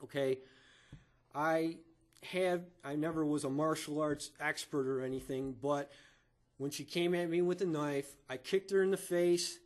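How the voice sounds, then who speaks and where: A man with a notably high voice gives emotional testimony in a courtroom. His account comes out haltingly, with stammers and repeated words. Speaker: witness giving testimony.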